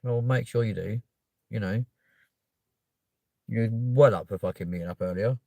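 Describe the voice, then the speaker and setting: A man's voice: fairly low pitch, normal speed, gravelly, a little mellow, no echo. A man with a South West London accent chatting casually to viewers on a stream, rambling and cheeky, with plenty of swearing. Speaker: live streamer.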